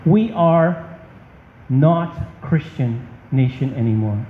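A man's voice: on the high side, expressive, slow, slight background noise. A man preaching a sermon as a pastor, emphatic and impassioned. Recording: dull, echoey hall.

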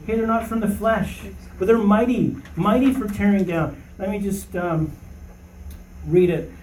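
A high-voiced man teaches scripture to a small group, emphatic and often asking "okay?". His tone is mellow and relaxed. He sounds set back from the mic in a roomy space with faint ambience. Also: normal speed, recorded from a distance, slight background noise. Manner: emphatic, rising to preaching fervor, often asks "okay?". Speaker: Bible study leader. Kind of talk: informal Bible teaching.

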